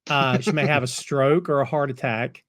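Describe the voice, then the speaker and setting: A man hosting a casual review chat, retelling scenes with animated storytelling and acted dialogue. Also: mid-range voice, moderate pace, dry recording, studio quality. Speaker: podcast host.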